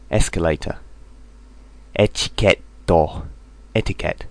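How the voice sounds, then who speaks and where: A man reading a vocabulary list aloud, saying each Japanese word and then its English meaning in a measured drill. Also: low voice, fairly even intonation, darkish tone, no echo. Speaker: language teacher.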